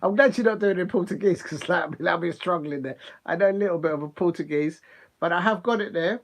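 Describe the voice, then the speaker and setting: A man hosting a live football watch-along, chatting excitedly with viewers and laughing often. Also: sits high, fast talker. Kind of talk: live casual chat with viewers.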